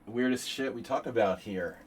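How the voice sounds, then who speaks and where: A man's voice: mid-range voice, normal speed, a little hiss or hum. A man hosting a live chess stream, thinking aloud through move lines with rambling asides. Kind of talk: live-stream commentary while playing.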